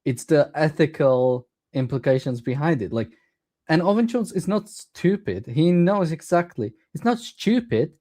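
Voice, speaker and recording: A man co-hosting a casual political chat, talking excitably and indignantly, full of "like" and restarts. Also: fairly high pitch, normal speed. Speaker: co-host.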